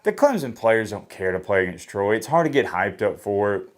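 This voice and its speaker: A man doing a solo sports reaction vlog. He talks in a blunt, opinionated way, with energetic swings in pitch and a slightly hoarse voice. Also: a little fast. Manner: opinionated, blunt trash talk. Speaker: sports vlogger. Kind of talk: solo college football reaction.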